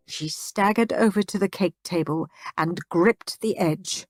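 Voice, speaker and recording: A woman narrating a children's audiobook in an expressive storybook style. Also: fairly low pitch, faint music behind. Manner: lively, unhurried reading.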